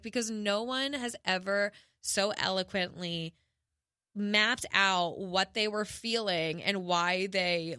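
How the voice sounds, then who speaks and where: Candid young woman, bright dry voice. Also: on the low side, clear, resonant tone, dry recording. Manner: emotional, candid storytelling with many fillers. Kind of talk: casual chat.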